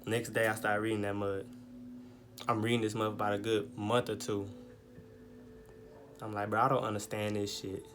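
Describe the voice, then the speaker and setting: A young man in his twenties casually telling a personal story, full of slang and swearing, animated as he retells it. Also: fairly low pitch, moderate pace, long pauses, music in the background. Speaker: vlogger.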